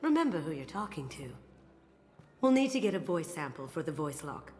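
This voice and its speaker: A cocky low-voiced thief. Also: female voice, big pitch swings, moderate pace, a little mellow, big-room sound. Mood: confident. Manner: cocky, playful. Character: sly young female master thief. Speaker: game character. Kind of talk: video game voice acting.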